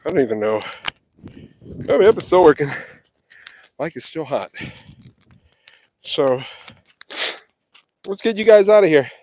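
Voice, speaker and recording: Panting and sweaty from farm work, a man chats jokingly about himself on a phone livestream, the wind blowing around him as he carries the phone. His fairly high voice is warm and sing-song, measured in pace, with long pauses. A little hiss or hum sits under this casual vlog.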